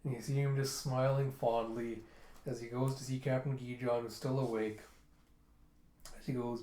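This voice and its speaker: A man's voice: mid-range voice, flat delivery, moderate pace, dark tone. A man casually retelling a comic during a readthrough, with offhand asides. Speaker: manga reviewer. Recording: roomy echo.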